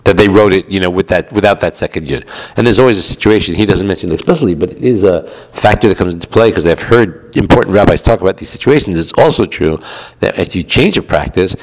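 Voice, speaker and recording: Deep-voiced man teaching a text lesson. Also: fast talker. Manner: patient, repeats points and checks in with "right?". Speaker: rabbi teaching Jewish law. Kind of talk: explanatory text-study lecture.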